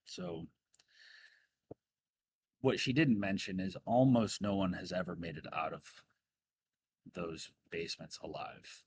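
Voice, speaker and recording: A man voicing a grave old adventurer in a fantasy game, low and measured. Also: breathy edge, no room sound, full character voice. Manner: quiet, measured, serious. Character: grave older male veteran adventurer.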